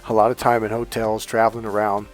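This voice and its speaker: A man's voice: lowish voice, monotone, quick pace, faint music behind. A man, a dating coach, telling a rambling personal story in a casual way, swearing freely and correcting himself as he goes. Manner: rambling, self-correcting, swears casually, acts out past dialogue.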